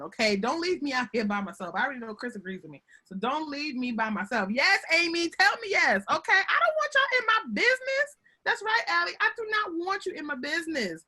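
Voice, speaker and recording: A woman giving a lively, chatty webinar talk over a video call from home, often calling her audience y'all. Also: medium pitch, breathy edge. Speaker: guest speaker on workplace relationships.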